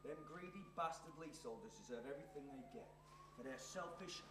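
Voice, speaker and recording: A man's voice: on the high side, expressive, a little fast, echoey room, noisy background, close to an everyday voice. An actor playing a menacing, scheming male arsonist on stage, taunting and sneering. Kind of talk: stage play performance.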